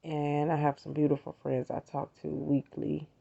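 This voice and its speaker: This podcast host, a middle-aged woman from the United States, shares a personal faith talk on gratitude, heartfelt and conversational, addressing everyone as "you all". She speaks at normal speed in a low, monotone, mellow voice with vocal fry and slight roughness, on dull audio.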